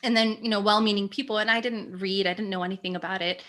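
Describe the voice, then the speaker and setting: A young woman telling her birth story in a casual chat, animated and laughing often. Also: mid-range voice, fast talker. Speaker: podcast guest sharing a birth story.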